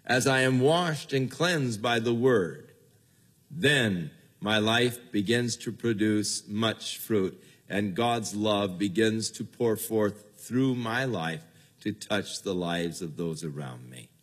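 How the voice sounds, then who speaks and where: An older male pastor delivering a sermon at an unhurried, deliberate pace. His voice is husky and a little rough. He speaks earnestly and lets the ideas land slowly. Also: on the low side. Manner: slow, earnest preaching with lively acted-out quotes.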